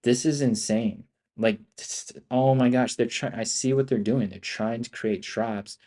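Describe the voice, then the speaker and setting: A man's voice: medium pitch, fairly even intonation, measured pace, dark tone. A young man live-streaming his stock trades, frustrated and swearing constantly, calling out "bro" and "dude" as he talks to viewers. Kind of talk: live trading commentary.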